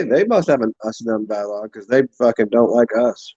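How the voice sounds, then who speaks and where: A man's voice: mid-range voice, fairly quick, few pauses, darkish tone, highs cut off. A man chatting casually on a livestream, rambling and laughing while he eats and drinks. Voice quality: rambling, laughs often, talks with mouth full. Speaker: livestream host.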